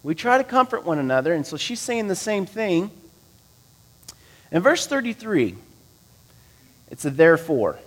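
A man preaching a sermon, reading scripture aloud and explaining it in a conversational way, asking his listeners questions and swinging between loud and quiet. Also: high-pitched, very animated, a little slow, pauses often. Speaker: pastor.

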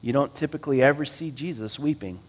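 A pastor preaches a sermon, reading scripture aloud and unpacking it conversationally. He poses questions to his listeners and swings between loud and quiet. His voice is medium-pitched and he talks fast.

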